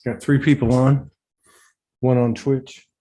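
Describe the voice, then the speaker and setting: A man hosting a livestream talk show, chatting casually over a video call setup. He talks in an emotional, effusive way, rambling and restarting his sentences, at a mid-range pitch. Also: flat delivery, takes it slowly, warm tone. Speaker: host of an online spiritual talk show.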